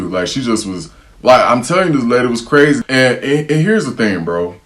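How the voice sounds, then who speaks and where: A young man telling a story to camera in a casual, slangy, animated way, acting out what people said. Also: medium pitch, quick pace. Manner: animated, slangy storytelling, repeatedly saying "bro", acting out quotes.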